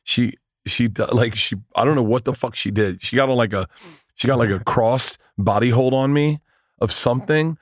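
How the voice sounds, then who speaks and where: A comedian guest telling a bawdy story on a podcast, loud and animated, swearing and laughing often. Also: male voice, medium pitch, moderate pace, dry recording, studio quality.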